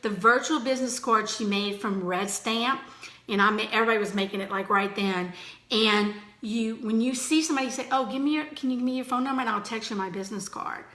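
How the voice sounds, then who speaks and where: A woman giving a chatty, energetic motivational training talk to her team, full of fillers. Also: a little high, brisk, echoey room.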